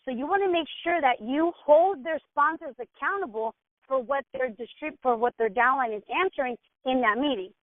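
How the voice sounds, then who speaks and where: A woman's voice: high voice, moderate pace, no room sound. Woman mentor on a tinny phone-like line. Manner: conversational, acts out sample dialogues, many fillers. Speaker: business mentor. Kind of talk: informal training talk. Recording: tinny phone-like dry sound.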